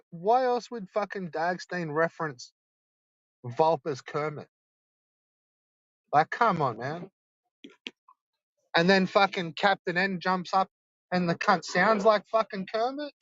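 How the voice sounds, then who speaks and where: A man's voice: sits high, slow, pauses often, fairly bright tone, no echo. A young man livestreaming, ranting insistently and swearing a lot. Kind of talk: rambling livestream rant. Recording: dull lo-fi streaming mic.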